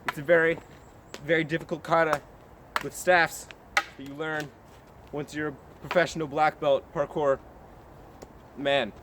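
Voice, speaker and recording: This comedic vlog features a young man from the United States holding a camera as he walks a woodland trail, telling a meandering funny story with mock seriousness. He speaks at a measured pace in a fairly high, level voice, leaving long pauses, against a noisy background.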